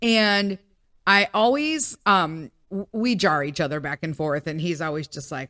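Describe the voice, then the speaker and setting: A woman's voice: on the low side, a little slow, bright, forceful tone, dry recording, clean studio sound. A middle-aged woman hosting a podcast, talking in a candid, profane and rambling casual monologue. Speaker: podcast host.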